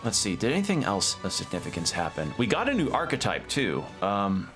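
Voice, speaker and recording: A man with a fairly low voice chats loosely over his gameplay stream, wandering through a recap with plenty of fillers. He talks around a toothpick in his mouth, and faint music sits under his voice. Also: wildly swooping pitch, a little fast. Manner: rambling, chatty recap with fillers. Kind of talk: casual gameplay commentary.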